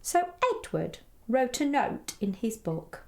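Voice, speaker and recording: A woman storyteller reading to young children, gentle and expressive, playfully making the animal noises along the way. Her voice sits fairly high, swoops through a lively range of pitch, and moves at a very slow, deliberate pace. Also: gravelly. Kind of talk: children's story read-aloud.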